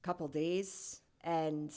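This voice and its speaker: A woman's voice: low voice, steady tone, very slow, mellow. A woman guest on a podcast, telling a personal story in a candid, conversational way with lots of "like.". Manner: candid and conversational, heavy use of "like".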